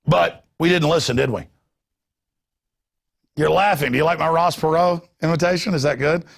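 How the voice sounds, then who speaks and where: A male host rants in a heated, sarcastic, rambling way. His voice sits a touch high and has a gravelly fry running through it. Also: moderate pace. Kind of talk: ranting political commentary.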